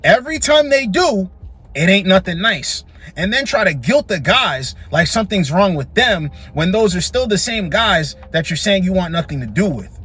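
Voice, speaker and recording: A man with a high, husky voice hosts a reaction video. He comments on the clips in a blunt, mocking way, with a casual manner. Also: expressive, normal speed, a bit bright.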